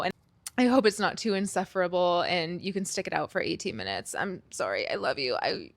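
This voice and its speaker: A woman hosting her own podcast, talking casually in a chatty, animated way that includes casual swearing, recorded on a built-in device mic in a slightly echoey room. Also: medium pitch, fairly quick. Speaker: podcast host. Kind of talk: casual solo podcast chat. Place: room that sounds a little echoey. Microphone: built-in device mic, external microphone left unplugged.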